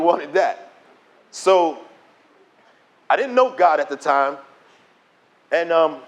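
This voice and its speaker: A middle-aged man giving his testimony as a preacher, telling the story in an animated way and acting out the dialogue. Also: high voice. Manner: animated storytelling, acts out dialogue in quoted voices. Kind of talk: preached testimony to a conference audience.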